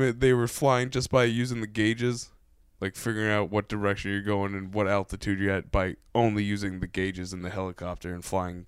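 Speaking into a podcast mic held close, a low-voiced man with a clean tone and no echo spins stories as a guest. It's a casual chat, full of free swearing and laughter at his own anecdotes.

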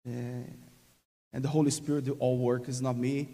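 A man from Brazil preaching a sermon in halting English with a Brazilian accent, often restarting phrases and calling for amens. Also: medium pitch, flat delivery, warm tone, in a large hall. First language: Portuguese. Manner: halting, many restarts, laughs often, invites call-and-response. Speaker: guest preacher.

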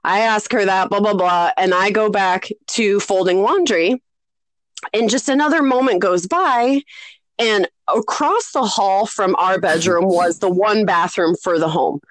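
A woman in her thirties co-hosts a podcast, speaking a little slowly with no echo. Chatting casually, she animatedly tells a story, laughing often and acting out other people's voices with big jumps in pitch.

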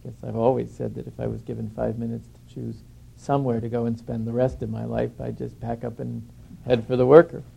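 A man reflectively recalling his past, speaking thoughtfully with many pauses. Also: medium pitch, vocal fry, warm tone, slight background noise, low-quality recording. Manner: thoughtful, halting with fillers. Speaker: former draft resistance organizer. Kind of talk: reflective reminiscing.

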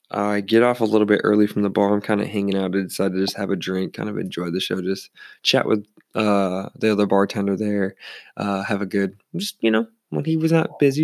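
Gravelly bartender spinning rambling stories. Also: male voice, lowish voice, dry recording, clean studio sound. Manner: rambling, swears freely, acts out quoted voices. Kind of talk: casual storytelling.

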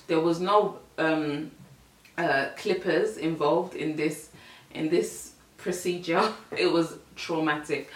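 Expressive woman in an echoey room. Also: deep voice, recorded from a distance. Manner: animated, laughing, acts out voices in the story. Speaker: podcast host. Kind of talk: casual storytelling. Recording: echoey room, voice set back from the mic.

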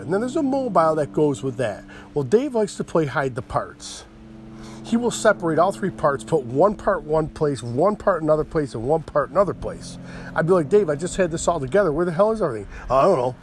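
A man's voice: on the high side, sing-song, brisk, slight background noise. A middle-aged man telling stories in a casual, profane rant, acting out both sides of every argument in a worked-up way.

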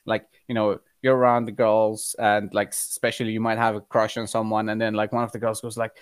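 A man's voice: lowish voice, little pitch movement, fast talker, hardly any pauses, clean tone, no echo. Young man with a mixed accent. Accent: mixed British, American and Iranian. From Iran. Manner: chatty storyteller, many fillers. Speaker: podcast guest, fitness coach. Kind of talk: casual conversation.

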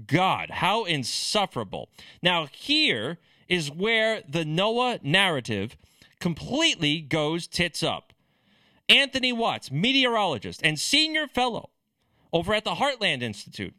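A man's voice: fairly high pitch, sing-song, a little slow, bright, forceful tone, dry recording. A man ranting in political commentary, sarcastic and scornful.

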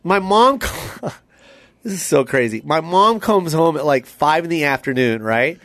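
Male co-host, animated storyteller with a fairly high, lively voice, recorded dry. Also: measured pace, no echo. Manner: animated, profane, swings from loud to hushed. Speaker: podcast co-host. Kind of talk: casual storytelling chat.

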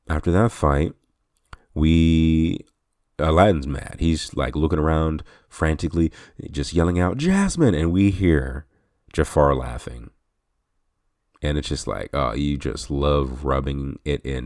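Brief: man with a very low voice, rambling podcast host, dry close sound. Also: darkish tone, no echo. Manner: rambling, self-correcting, chuckles often. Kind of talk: casual game retrospective commentary.

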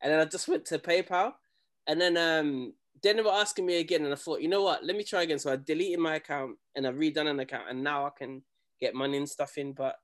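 A young man, a DJ chatting casually and telling animated, slang-filled stories. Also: a little high, fairly quick. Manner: animated storytelling, slangy, acts out quoted people. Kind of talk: casual chat.

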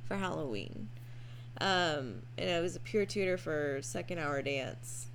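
A woman's voice: sits low, measured pace, vocal fry, a little hiss or hum. A woman co-hosting a podcast, chatty and teasing in casual conversation. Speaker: podcast co-host. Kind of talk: casual chat.

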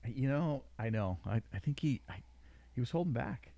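A man's voice: mid-range voice, lively intonation, moderate pace, warm tone, no echo, dull audio. A middle-aged man hosting a podcast in casual chat, rambling and joking with frequent laughs. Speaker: podcast host. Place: small studio room.

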